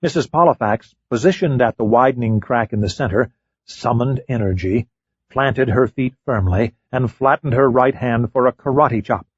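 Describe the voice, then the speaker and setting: A man reading a mystery audiobook in measured, scripted narration. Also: mid-range voice, slightly rough, no echo, dull audio.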